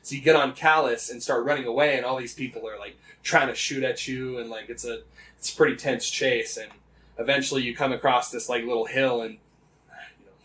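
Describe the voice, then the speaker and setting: A man's voice: mid-range voice, fairly even intonation, brisk, a bit bright, slight background noise. A man co-hosting a casual podcast, animatedly retelling events with lots of swearing and "like" fillers. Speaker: podcast co-host.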